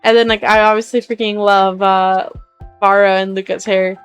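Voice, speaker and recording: A woman's voice: medium pitch, flat delivery, normal speed, smooth, faint music behind. A woman casually commenting while she plays a game, chatty and giggly with lots of filler words. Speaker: game streamer.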